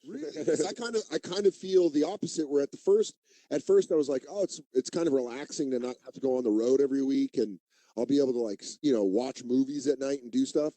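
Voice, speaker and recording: A male comedian hosting a radio show, joking with animated energy. His voice is very dark and mellow, and the sound is dry and close. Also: mid-range voice, fast, no echo. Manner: animated, jokey. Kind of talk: casual radio chat. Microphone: studio mic.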